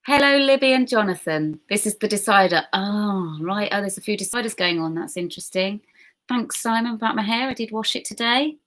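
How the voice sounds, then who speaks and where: A woman hosting an online pub quiz, reading questions slowly and chatting and giggling with viewers in between. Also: mid-range voice, fairly bright tone. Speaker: quiz host.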